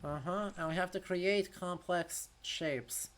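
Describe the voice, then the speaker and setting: A man's voice: sits high, slow, a bit bright, a little hiss or hum. A man streaming a video game, joking and sarcastic, sometimes slipping into a mock announcer voice. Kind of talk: casual let's-play commentary.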